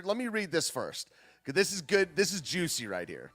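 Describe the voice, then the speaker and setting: A man's voice: on the high side, huge pitch swings, normal speed, a bit bright. Heated, argumentative male podcast host. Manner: heated, argumentative, rambling with many restarts. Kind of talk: combative political commentary, reacting to chat.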